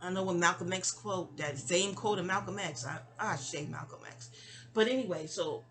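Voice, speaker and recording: A woman's voice: on the low side, moderate pace. A young woman casually telling a personal story, chatty and digressive, often trailing off into asides. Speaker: audio diarist.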